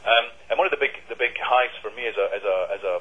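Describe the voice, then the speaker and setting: A man's voice: mid-range voice, quick pace, slightly rough. A Scottish man answering interview questions as a novelist guest, fluent and thoughtful with frequent restarts. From Scotland. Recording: dull lo-fi line.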